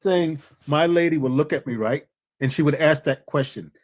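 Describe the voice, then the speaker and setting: A man's voice: fairly high pitch, normal speed. A man chatting as a guest on a casual livestream, joking and repeating his phrases. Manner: jokey storyteller, repeats phrases.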